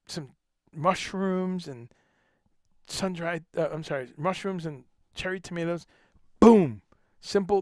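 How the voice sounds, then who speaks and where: Joking guy hosting a livestream, gravelly voice sitting a bit high, totally dry close sound, cusses casually. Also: no echo. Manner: animated, joking, swears casually. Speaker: livestream host.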